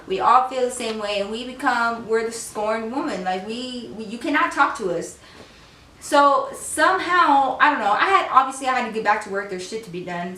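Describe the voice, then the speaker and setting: Slangy, animated young woman vlogger. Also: on the high side, distant mic, a little hiss or hum. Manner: animated, slangy storyteller who acts out quotes. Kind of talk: casual storytelling to camera. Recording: echoey room, voice a bit off mic.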